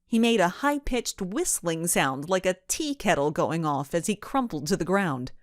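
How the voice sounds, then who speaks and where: A woman narrating a children's storybook in an expressive, measured way. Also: lowish voice, dry recording, studio quality. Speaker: audiobook narrator.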